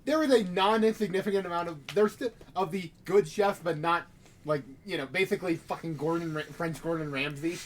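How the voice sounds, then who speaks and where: Game master, male, higher voice, casual wry asides, faint hiss behind. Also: brisk. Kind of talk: narrating a tabletop game.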